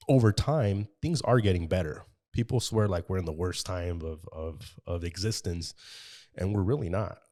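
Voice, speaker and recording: A man's voice: low-pitched, darkish tone. A man from the United States in casual podcast conversation, talking earnestly and at length, with many restarts.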